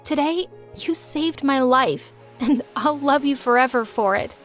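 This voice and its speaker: A woman's voice: high-pitched, a little slow, faint music behind. A woman voicing a remorseful loving twin sister. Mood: earnest. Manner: earnest, emotional delivery.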